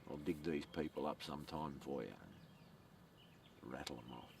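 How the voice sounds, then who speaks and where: A man's voice: very deep voice, fairly even intonation, moderate pace, creaky. A man talking in a meandering outdoor monologue, repeating himself, swearing and chuckling as he goes. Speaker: vlogger. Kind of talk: rambling monologue to camera. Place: outdoors at a graveside. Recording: distant mic outdoors, faint outdoor noise.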